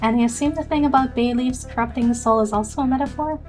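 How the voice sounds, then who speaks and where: A woman's voice: high voice, quick pace, darkish tone, soft background music, lightly acted. Woman reading as a blunt sardonic café owner. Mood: dry.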